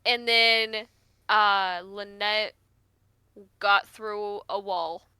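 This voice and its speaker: A woman player recapping a game session in casual chat, halting and searching for words. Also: medium pitch, steady tone, bright, forceful tone, clear, resonant tone, no echo.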